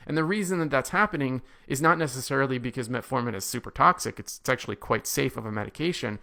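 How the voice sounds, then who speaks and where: A man lecturing on medications with a gravelly, fry-edged voice at an ordinary middle pitch. He explains step by step and circles back to stress the main points, like a tutor walking students through slides. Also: quick pace, bright, forceful tone. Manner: explanatory, repeats key points for emphasis. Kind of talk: recorded pharmacology lecture.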